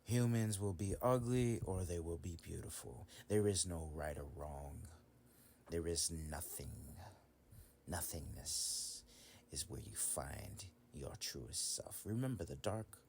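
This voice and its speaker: Low slow whispering guy, whispered role-play, swears a lot, faint hum behind. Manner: whispered, cursing rant, swings to loud laughing outbursts. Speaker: solo voice recording maker.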